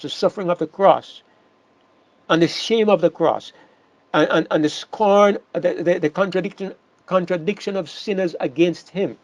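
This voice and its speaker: A man delivers a sermon in a high voice, stressing key words and circling back over his phrases. The sound is dry and a little muffled. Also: a little mellow, no echo. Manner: emphatic, repeats words and restarts phrases. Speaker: preacher.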